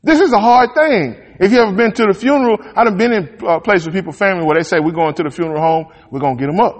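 A man's voice: sits high, very fast, in a large hall. A man preaching a sermon, reading scripture aloud and breaking off into casual, folksy asides to the congregation. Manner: conversational, reads verses then riffs in folksy Southern-style talk.

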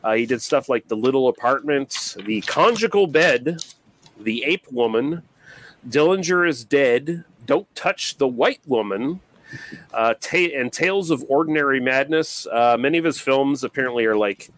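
A man in a mid-range voice hosts a relaxed podcast about old movies. He talks casually and loosely, often pausing on fillers and drifting off at the ends of his thoughts. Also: medium pitch, slight background noise. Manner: loose and rambling, with many fillers and trailing remarks. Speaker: podcast co-host. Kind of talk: casual movie review chat.

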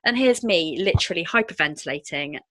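A woman in her thirties, telling a personal story in a frank, expressive way with quick asides. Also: fairly low pitch, dry recording. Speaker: podcast guest, entrepreneur.

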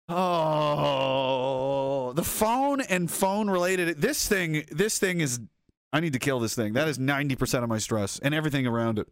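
Sweary streamer guy reading chat, high voice, dry close sound. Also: measured pace, clean tone, no echo. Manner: profane, laughs often, rambling. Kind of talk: casual live-stream chat.

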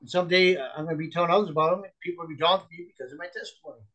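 Guest man for a faith story told over a remote call: earnest, rambling, restarts often, voice a shade high. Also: very fast, a bit bright, highs cut off. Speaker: guest, chaplain and author. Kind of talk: personal testimony storytelling.

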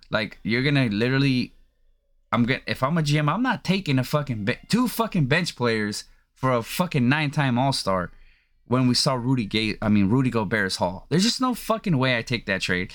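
A man's voice: mid-range voice, a bit bright. A young man hosting a sports podcast, ranting in a heated, profane, rambling way full of fillers. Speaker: podcast host. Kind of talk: casual sports podcast rant.

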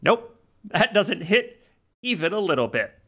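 A man running a tabletop game as game master, slow and hushed in narration, quick when explaining rules. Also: sits high, sing-song.

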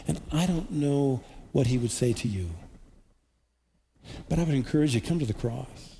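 A man giving a sermon as pastor, earnest, with slow emphatic repetitions. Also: mid-range voice, gravelly, dark tone. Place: church hall. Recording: distant reverberant hall recording with faint noise.

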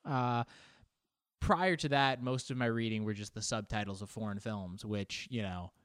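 A man's voice: lowish voice, normal speed, a bit bright, clear, resonant tone, no room sound, studio quality. A man talking casually on his own, rambling and poking fun at himself, acting out little imagined conversations. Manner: rambling, self-mocking, acts out little quoted exchanges. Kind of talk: casual monologue.

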